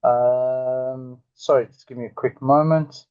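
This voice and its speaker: A man co-hosting a casual rugby podcast, halting and full of fillers as he works through results. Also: medium pitch, fairly even intonation, smooth, narrow, tinny audio. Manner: hesitant, many fillers, halting. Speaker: podcast co-host.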